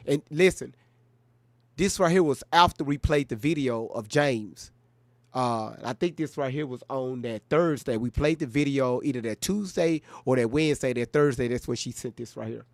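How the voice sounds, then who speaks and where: Male stream host, casual, blunt and profane, average pitch, dry close sound. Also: moderate pace, no room sound. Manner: blunt, profane, talks straight to chat. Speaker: livestream reaction host. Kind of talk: casual livestream chat.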